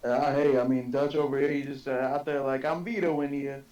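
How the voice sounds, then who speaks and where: Relaxed man guest on game commentary. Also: medium pitch, a little fast, muffled recording. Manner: relaxed, hesitant, many fillers. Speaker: guest commentator, former player. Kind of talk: casual live game commentary.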